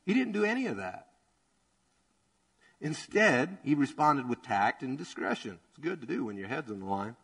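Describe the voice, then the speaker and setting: A man preaching a sermon in a church, energetic and conversational, joking and acting out quotes as he goes. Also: medium pitch, moderate pace, pauses often, low-quality recording. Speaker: pastor.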